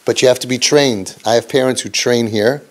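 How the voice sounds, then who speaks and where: A man, a parenting counselor, gives an impassioned, preachy lecture, dropping low and soft and then rising for emphasis, with Yiddish and Hebrew terms mixed in. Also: fairly quick.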